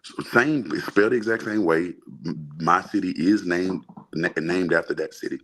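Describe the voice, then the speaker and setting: A man's voice: deep voice, moderate pace, fairly bright tone. A man from Alabama, co-hosting a casual Bible chat and explaining things in a loose, thinking-aloud way, often checking in with "right?". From Birmingham, Alabama, US. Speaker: podcast co-host discussing the Bible.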